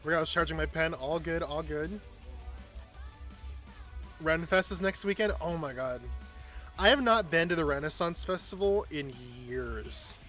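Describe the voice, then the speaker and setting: Streamer, male, slightly high voice, chatty and rambling, faint music bed. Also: normal speed, pauses often, sharp tone. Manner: chatty, rambling, self-deprecating. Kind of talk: casual chat while gaming.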